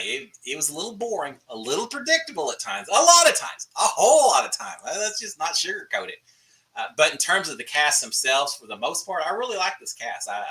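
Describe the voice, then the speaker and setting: A middle-aged man hosts a live stream, chatting casually and answering viewer questions in a folksy, animated way with restarts and "uh" fillers. His voice is medium-pitched, and the recording is rough.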